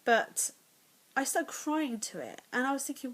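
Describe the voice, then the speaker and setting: A woman's voice: sits high, lively intonation, moderate pace, slight background noise, low-quality recording. A woman in her thirties chatting to her phone camera at home, rambling with lots of fillers and restarts. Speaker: vlogger. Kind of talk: casual chat to camera. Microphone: phone or tablet camera.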